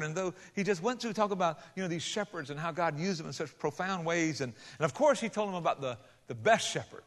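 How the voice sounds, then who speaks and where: A man preaching a sermon and telling a story, talking conversationally with many restarts and then building to loud, emphatic passages. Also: on the high side, animated, a little fast, hardly any pauses. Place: large hall with a congregation. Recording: long hall reverb.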